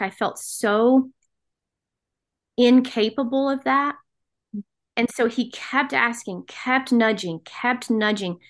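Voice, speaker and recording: A middle-aged woman from the American South, telling her personal story as a podcast guest in an earnest, emotional way. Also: on the high side. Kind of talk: personal testimony in an interview.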